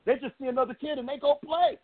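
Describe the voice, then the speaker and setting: A man's voice: very high voice, fast talker. A middle-aged man, a podcast co-host, telling a story in casual chat with a passionate, emphatic manner. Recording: tinny phone-like sound.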